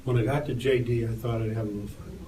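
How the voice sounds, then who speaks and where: A man's voice: medium pitch, fast talker, noisy background. Older man telling stories in a roomy space. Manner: lively storyteller, raises his voice for quoted dialogue. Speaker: interview guest, tour photographer. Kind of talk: animated anecdote storytelling. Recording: roomy, distant mic, faint ambience.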